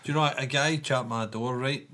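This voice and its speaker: A man's voice: medium pitch, normal speed, sharp tone. A man with a Scottish accent teasing and joking, swearing as he trades jokes in casual banter.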